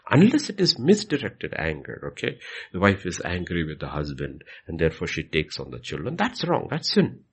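Husky, gravelly man teaching. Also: sits low, huge pitch swings, moderate pace. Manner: repetitive, emphatic, acts out quoted questions. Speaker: pastor answering questions.

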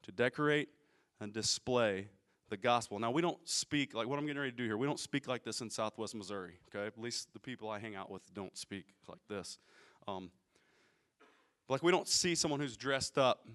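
A man's voice: medium pitch, moderate pace, fairly bright tone. A man preaching a sermon in a casual, explanatory way, often checking in with his listeners and asking them questions. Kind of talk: conversational sermon.

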